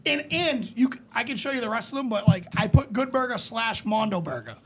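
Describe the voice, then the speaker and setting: A young man co-hosting a podcast, chatting casually and gushing excitedly, swearing freely. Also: very high-pitched, fairly quick. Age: young adult. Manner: excited, swears a lot, gushing about a movie. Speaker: podcast co-host. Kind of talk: casual chat.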